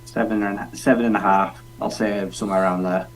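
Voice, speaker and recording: A man's voice: lowish voice, fairly even intonation, brisk, a little hiss or hum, rough recording. A man from the United Kingdom co-hosting a casual sports podcast, giving blunt opinions and swearing casually. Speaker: podcast co-host.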